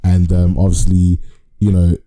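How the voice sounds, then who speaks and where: A man's voice: low voice, completely flat delivery, unhurried, mellow, low-quality recording. A man co-hosting a podcast, chatting casually about anime in a rambling, sweary, slangy way. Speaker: podcast co-host.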